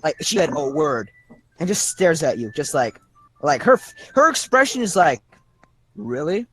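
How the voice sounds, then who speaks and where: A man narrating a tabletop game as game master over a video call, rambling and halting with many fillers. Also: a little high, very animated, fairly bright tone, soft background music.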